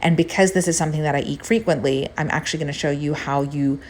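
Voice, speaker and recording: A woman's voice: sits low, fairly even intonation, fast, darkish tone. A woman fitness coach chatting casually through a recipe and a meal-logging demo, upbeat and gushing. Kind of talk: casual recipe vlog chat.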